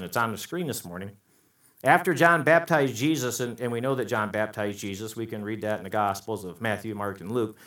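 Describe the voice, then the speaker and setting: A man's voice: medium pitch, fairly bright tone. A man pastor delivering a sermon with emphatic, fervent preaching that climbs to passionate peaks. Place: church sanctuary. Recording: roomy church sound from a distance, faint music.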